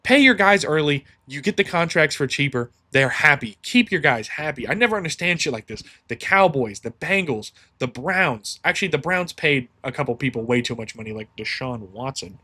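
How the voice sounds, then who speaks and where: A man's voice: on the high side, lively intonation, moderate pace, hardly any pauses, sharp tone. A man hosting a solo sports podcast, ranting heatedly and swearing freely.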